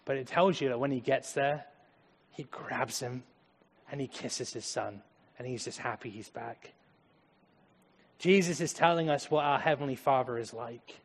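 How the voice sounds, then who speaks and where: Brief: male pastor, sermon, dramatic swings between loud and hushed, echoing church hall. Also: mid-range voice, normal speed, long pauses. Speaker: preacher. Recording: echoey hall.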